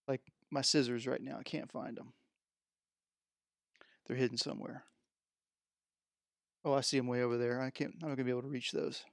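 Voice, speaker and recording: Man, gravelly, mid-pitched, rambling unscripted stream talk into a headset mic, dry close sound. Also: level tone, a little fast, long pauses, no room sound. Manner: rambling, thinking aloud while handling gear. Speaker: streamer unboxing music gear. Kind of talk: unscripted live stream chat. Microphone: headset microphone.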